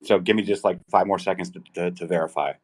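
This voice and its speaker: A man hosting a live audio chat, relaxed and joking as he cues up a clip. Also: low-pitched, quick pace. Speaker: audio room host. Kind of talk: casual chat.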